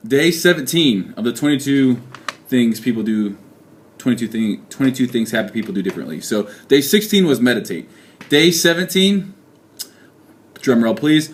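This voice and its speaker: A man's voice: mid-range voice, lively intonation, normal speed, a little hiss or hum. A young man talking casually in a video diary, joking and poking fun at himself as he rambles. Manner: joking, rambling, self-mocking. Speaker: fitness vlogger. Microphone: handheld camera.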